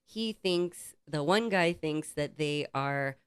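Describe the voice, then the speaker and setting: A woman in her thirties co-hosts a casual podcast, spinning a story with lots of laughter and playful voices for everyone in it. Her voice sits a little low. The sound is dry and close. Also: slow, smooth, dry recording. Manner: animated storyteller, laughs often, acts out quoted voices. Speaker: podcast co-host.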